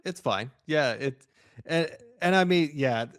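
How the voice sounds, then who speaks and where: Brief: male co-host, expressive intonation, dry sound, easygoing and agreeable, lots of quick affirmations. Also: on the high side, dry recording. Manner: agreeable, frequent short affirmations and laughter. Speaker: podcast co-host. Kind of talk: casual film podcast chat.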